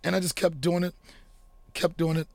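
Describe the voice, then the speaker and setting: A middle-aged man, a comedian guest, telling profane, animated stories in casual chat and acting out quotes. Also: fairly high pitch, moderate pace, vocal fry, dry recording.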